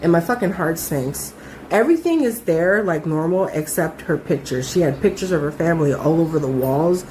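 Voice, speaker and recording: A young adult woman telling a story in a casual, animated way, full of swearing and emphasis. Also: sits low, moderate pace, a little hiss or hum.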